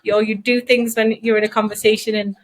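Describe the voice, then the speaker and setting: A woman's voice: mid-range voice, level tone, fast talker, rough recording. A woman with a Geordie accent co-hosting a podcast, chatting casually and thinking aloud with many asides. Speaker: podcast co-host.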